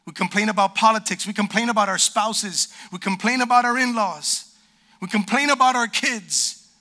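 A male pastor preaches in a church in a high, bright voice. His delivery is animated, and he slips into the voices of the people he quotes. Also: normal speed. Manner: animated, acts out quoted complainers. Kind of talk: sermon. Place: church sanctuary.

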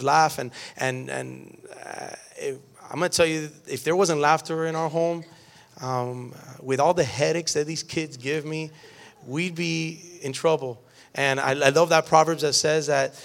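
A man in his thirties, a pastor, preaching a sermon in an animated storytelling way, acting out the voices of his family. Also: on the high side, vocal fry.

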